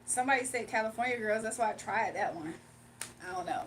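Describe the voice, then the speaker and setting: A young woman with a high voice talks casually to her stream viewers, laughing a lot and now and then singing a few lines. She sits a little back from the mic, and faint background noise runs under her voice. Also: fast talker. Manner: chatty, laughing, breaks into song. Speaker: live streamer. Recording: slightly distant mic with faint room noise.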